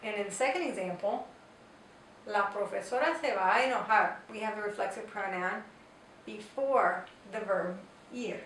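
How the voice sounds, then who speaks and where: In a Spanish grammar lesson, a woman explains patiently and step by step, using example sentences. Her mid-range voice is a bit bright and moves at a moderate pace. A distant mic picks up roomy echo and faint noise.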